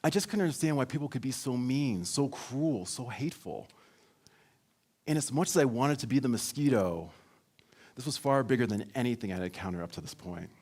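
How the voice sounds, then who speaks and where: A man giving a motivational keynote, telling a personal story in a lively way and acting out quoted lines. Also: mid-range voice, fairly quick. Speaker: keynote speaker.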